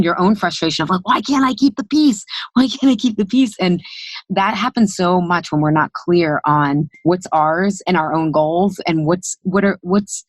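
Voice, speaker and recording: A woman hosting a podcast, talking in an animated, conversational way and thinking aloud with restarts. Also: lowish voice, dry recording. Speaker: podcast host and coach. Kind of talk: conversational interview.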